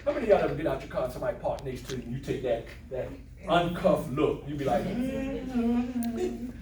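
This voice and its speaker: A man's voice: mid-range voice, very fast, darkish tone, roomy sound. Older male motivational speaker, storyteller with jokes, room sound from a distance. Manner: storytelling, plays voices in quotes, jokes with audience. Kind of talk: motivational talk with jokes and stories. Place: classroom of adult students.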